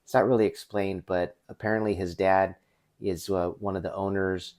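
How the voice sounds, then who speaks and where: Male host in his forties, deeper register, loose unscripted review delivery that trips over itself often. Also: flat delivery, moderate pace, darkish tone. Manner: rambling, with many restarts and fillers. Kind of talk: casual unscripted movie review.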